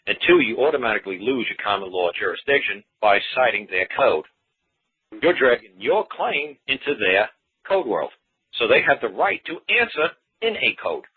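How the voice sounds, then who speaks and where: A man's voice: medium pitch, very animated, moderate pace, husky. A man giving a casual, folksy talk on common law. He repeats himself and acts out quoted exchanges. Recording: tinny phone-line audio.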